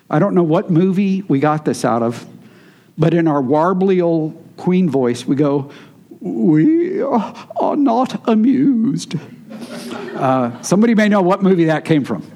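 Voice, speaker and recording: A pastor delivers a sermon to his congregation in a relaxed, teaching style. His voice is high for a man, yet it carries a mellow, dark tone.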